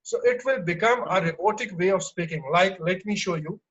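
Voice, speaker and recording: A man teaching an online exam-prep lesson, explaining slowly with lots of fillers and restarts. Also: high-pitched, a bit bright, slightly rough, highs cut off. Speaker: English teacher.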